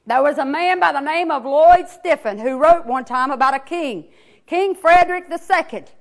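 A woman's voice: high voice, normal speed. A woman preacher who teaches children's church, telling a sermon story with repeated words and restarts.

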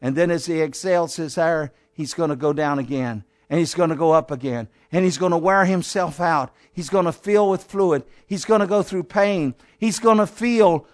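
Male preacher, high voice, dramatic sermon delivery, repetitive building cadence, speaks to the congregation as "my friend". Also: moderate pace, few pauses. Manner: dramatic, addresses listeners as "my friend"; builds with repeated phrases.

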